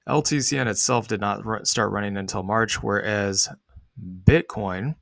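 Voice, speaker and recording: A man with a lowish voice talks through charts in a relaxed, slangy way. He throws in the odd "dude" and sarcastic aside. The sound is close and dry, with no room around it. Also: unhurried, creaky, dry recording. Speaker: host. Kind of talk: casual market commentary over charts.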